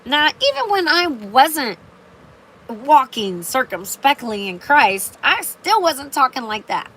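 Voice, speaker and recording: Older lady rambling on a livestream, lots of ums and likes, bright voice. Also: high voice, very animated, takes it slowly, slightly rough, low-quality recording. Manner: rambling, many fillers and restarts. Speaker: live streamer. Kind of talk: casual livestream talk.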